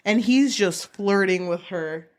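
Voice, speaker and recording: A woman's voice: medium pitch, a little slow. A woman co-hosting a book podcast in casual chat, blunt and chatty, swearing freely.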